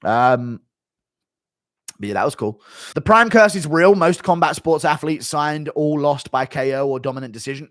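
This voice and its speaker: A man's voice: medium pitch, expressive, normal speed, fairly bright tone, no room sound, studio quality. Blunt, swearing live-stream host man. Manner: rambling, blunt, swears freely. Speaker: livestream host reading viewer donations. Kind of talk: casual profane live-stream commentary.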